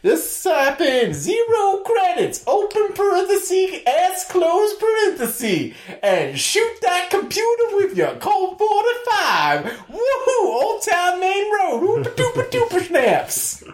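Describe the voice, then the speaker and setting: A man's voice: very high voice, wildly swooping pitch, slow pace, few pauses, echoey room, voice pushed up, heavily acted. A man voicing a rowdy, yee-hawing male Texan cowboy extra who hollers and drawls. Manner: hollering, whooping, drawling, laughing through it.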